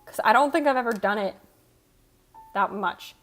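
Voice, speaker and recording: A woman's voice: on the high side, moderate pace, fairly bright tone. A woman livestreamer chatting casually with viewers, rambling, cutting herself off and swearing offhand. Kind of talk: casual chat reading out viewer comments. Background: faint background music.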